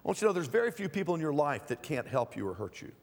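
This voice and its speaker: A middle-aged male pastor preaching a sermon in a church, swinging from calm low teaching to loud pleading. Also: racing, husky. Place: church sanctuary. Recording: reverberant hall.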